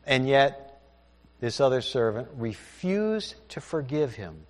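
A man's voice: medium pitch, very animated, slow pace. A man preaching a sermon, reading scripture aloud and explaining it in a conversational way. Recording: long hall reverb.

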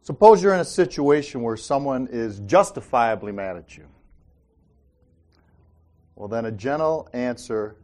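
A man's voice: medium pitch, expressive, a little slow, pauses often, darkish tone. A man hosting a faith talk show, telling personal stories and often checking in with "right?" and "Amen?". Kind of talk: faith-based casual talk.

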